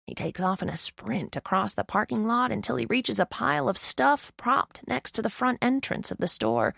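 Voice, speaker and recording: A young woman narrating an audiobook in the first person, with wry, deadpan asides, close to the mic. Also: mid-range voice, moderate pace, vocal fry, few pauses, no room sound.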